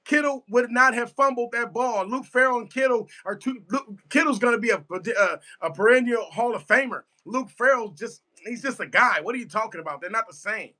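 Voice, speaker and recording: A man's voice: very high-pitched, brisk, few pauses, pushed and bright. A man giving a casual live reaction to a football game, emphatic and repetitive, answering his chat as he goes. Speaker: sports fan streamer.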